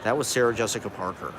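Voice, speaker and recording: A stoned man live streaming from a city street on a phone, rambling and swearing, laughing often. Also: mid-range voice. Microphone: phone on a selfie stick. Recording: busy street traffic noise. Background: city traffic.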